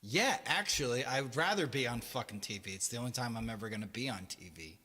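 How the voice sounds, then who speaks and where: A man's voice: medium pitch, expressive, quick pace, sharp tone, husky, in a large hall. A man hosting a casual live stream as a musician. He rambles, swears a lot and laughs between his lines.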